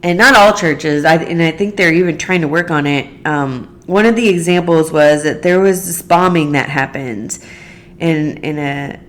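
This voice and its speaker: A woman with a low, deep voice hosts her own podcast alone, talking things through in a casual monologue. She rambles earnestly, restarting her sentences and leaning on "like" and "you know" as she works out what she means. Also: moderate pace. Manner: earnest, rambling, many "like" fillers. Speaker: podcast host.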